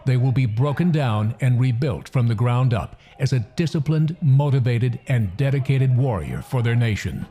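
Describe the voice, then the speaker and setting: Solemn male documentary narrator, dark tone. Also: medium pitch, lively intonation, moderate pace, hardly any pauses. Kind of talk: scripted narration.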